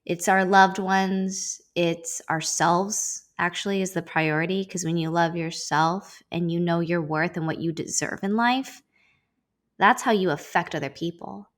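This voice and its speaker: A woman's voice: fairly low pitch, a bit bright. A woman in her thirties hosting her own show, talking in a heartfelt, rambling way about being present, with many fillers. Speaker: podcast host. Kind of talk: reflective casual monologue.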